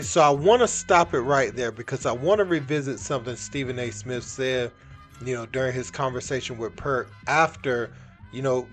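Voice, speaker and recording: A man hosting a casual sports commentary video, talking loosely and conversationally with plenty of filler phrases. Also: medium pitch. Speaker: channel host.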